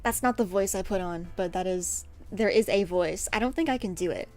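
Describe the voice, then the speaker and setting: Rambling young woman streamer, lively. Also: medium pitch, brisk. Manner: animated, rambling, full of fillers and laughs. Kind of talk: casual storytelling chat while drawing. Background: faint background music.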